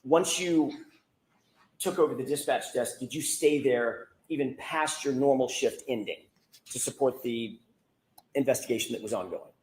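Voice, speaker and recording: A male attorney questioning a witness in court, asking measured, methodical questions. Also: mid-range voice, darkish tone, echoey room, slight background noise, poor audio. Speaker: trial attorney.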